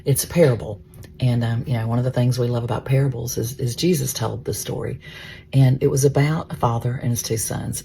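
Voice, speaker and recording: Brief: mellow, gravelly male storyteller, chatty devotional retelling. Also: mid-range voice, a little hiss or hum. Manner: conversational, repeats words, drops into hushed whispers. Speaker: Christian storyteller.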